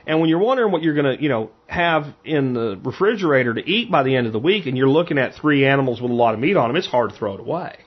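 Man, from Pennsylvania, hunter, husky, rambling, frank storyteller, dull muffled sound. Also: mid-range voice, expressive, quick pace, few pauses. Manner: rambling, frank, repeats words often. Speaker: hunter and cook. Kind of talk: casual storytelling.

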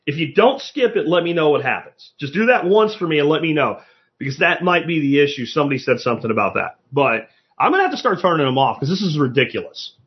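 Guy hosting a live stream podcast, higher voice, swears a lot and talks straight, kinda dull lo-fi sound. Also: big pitch swings, quick pace. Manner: blunt, profane ranting. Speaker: podcast host. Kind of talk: casual live-stream talk.

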